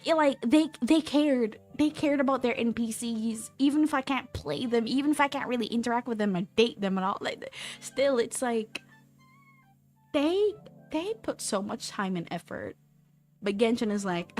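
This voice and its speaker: A young woman chats loosely on her livestream, rambling between topics with frequent swearing and laughter. Her voice sits on the high side and she talks slowly, drawing out her words. Faint music plays behind her. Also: animated. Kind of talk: casual chat while drawing.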